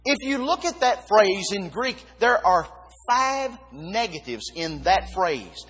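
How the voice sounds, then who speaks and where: A man preaching a sermon, emphatic, dropping low and quiet then rising again. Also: very animated, normal speed, few pauses, slightly rough. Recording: long reverb of a hall.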